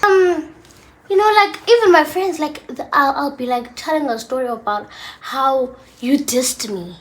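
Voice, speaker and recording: A woman's voice: high-pitched, measured pace. A teenage girl chatting playfully with her mother, laughing often and using lots of fillers. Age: teens. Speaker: daughter co-host. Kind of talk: casual chat.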